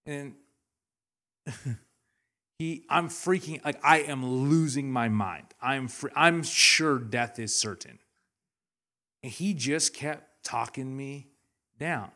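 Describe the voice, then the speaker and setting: A young adult pastor from Canada gives a sermon in a church hall, animatedly telling stories with laughter and quotes acted out. His mid-range voice moves slowly with frequent pauses and sounds pushed and bright.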